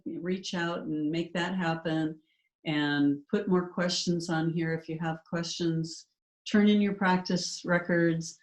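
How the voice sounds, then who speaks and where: A woman teaching a hypnotherapy class in an easy, chatty way. She talks fast, with many fillers and self-corrections, over a video call. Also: fairly low pitch, fairly even intonation. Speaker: hypnotherapy instructor. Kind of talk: casual online class talk.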